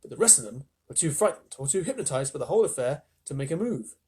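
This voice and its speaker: A man reading a children's storybook aloud to live listeners, animated, with chatty asides. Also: a little high, fast, husky.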